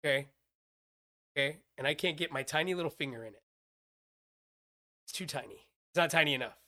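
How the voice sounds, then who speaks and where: A man's voice: on the high side, a little fast, pushed and bright, no echo, studio quality. A man co-hosting a podcast in casual chat, rambling, swearing and laughing often. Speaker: podcast co-host.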